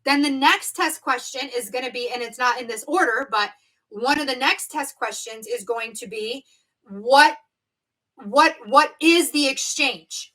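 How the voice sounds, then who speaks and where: A woman from the United States teaching a live-streamed exam review. Her voice sits high and bright. She leans hard on key words and repeats them so the difference sticks. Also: low-quality recording. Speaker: exam prep instructor.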